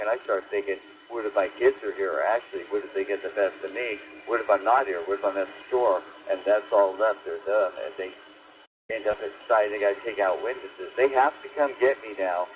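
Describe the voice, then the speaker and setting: An older man, a ham radio operator, ranting angrily and profanely on the air with threats. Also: lowish voice. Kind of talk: heated on-air argument. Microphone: radio transceiver microphone. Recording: tinny ham radio transmission.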